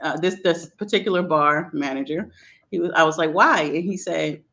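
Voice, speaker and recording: A woman co-hosting a casual podcast chat, telling a story in an animated, colloquial way with frequent laughter. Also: sits low, moderate pace. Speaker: podcast co-host.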